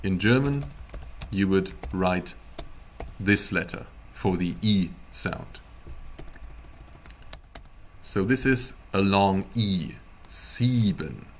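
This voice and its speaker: Guy teaching beginners pronunciation, low voice, takes it slow and jokes around, keyboard clacking behind. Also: animated, a little hiss or hum. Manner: playful, teasing, drills pronunciation slowly. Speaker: German teacher. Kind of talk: beginner language lesson.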